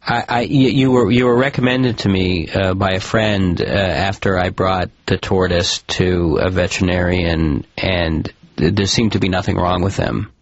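A man plays a fretful caller in a comedy sketch, halting and stammering as he explains himself. The voice is low and husky. It comes through a dull, muffled radio sound. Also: fairly even intonation, no room sound. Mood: anxious. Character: nervous male caller worried about his pet.

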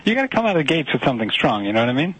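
A man's voice: mid-range voice, very animated, racing, a bit bright, breathy edge, no echo, poor audio. A man in an improvised comedy sketch, talking in a brash, mocking, bossy way. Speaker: comedic performer.

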